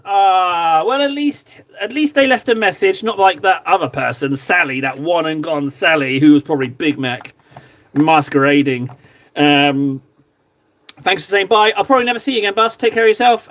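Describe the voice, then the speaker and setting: Chatty guy painting minis on stream, high voice that jumps all over, jokey. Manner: playful, jokey, mock-shouts insults at viewers. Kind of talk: casual live-stream chat.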